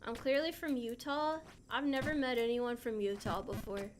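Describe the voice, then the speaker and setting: A little hiss or hum sits under this young woman's voice, which is a little high with fairly even intonation at normal speed. As a VTuber streaming a game, she chats casually and playfully answers her viewers.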